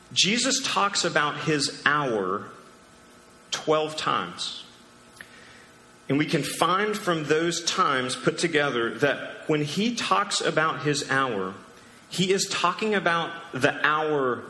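A pastor with a rather high, sharp-toned voice delivers a sermon in a casual, conversational style, tossing in joking asides. The recording was made in an echoey hall with a long reverb tail.

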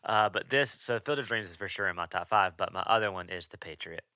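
A young man co-hosts a podcast, chatting casually, telling stories, and laughing easily. His voice is on the low side, fast and sharp-toned yet clear and resonant, in a dry, studio-quality recording.

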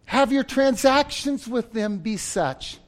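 Male pastor, high voice, slow and dramatic sermon delivery. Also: lively intonation. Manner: dramatic, swings from shouting to near-whispers; acts out story voices with humor.

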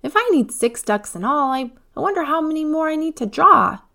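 Woman doing a high little girl voice. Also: expressive, creaky, full character voice. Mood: thoughtful. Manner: high, bright childlike voice, slow and emphatic. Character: young girl, earnest and emotional.

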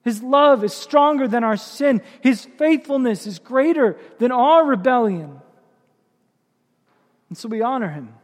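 A man's voice: very high-pitched, expressive, unhurried, long reverb tail. A man preaching a sermon as pastor, with impassioned, building emphasis.

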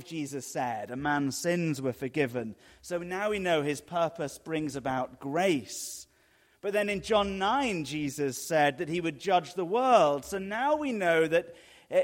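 A middle-aged male pastor preaching a sermon in an easygoing, storytelling way, often dropping his voice low and soft. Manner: conversational storytelling with sudden soft drops.

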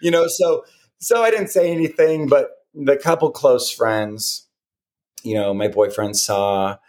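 A man's voice: medium pitch, a little slow. A man co-hosting a podcast, telling a story in casual chat and acting out what other people said. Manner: animated storyteller who acts out other people's words. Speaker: podcast co-host.

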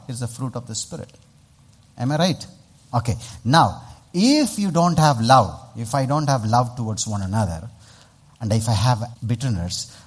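A man's voice: mid-range voice, slightly rough. A man preaching a sermon as pastor, asking the congregation questions and having them repeat after him. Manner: lively, call-and-response preaching with rhetorical questions.

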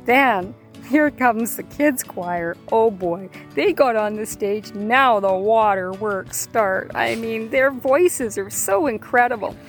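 A woman's voice: fairly high pitch, slow pace, faint music behind. An older woman, a grandmother, hosting a podcast and telling a heartfelt personal story in a conversational way. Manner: heartfelt, conversational with fillers and repeats. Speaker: podcast host. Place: outdoors or near open air, plane overhead.

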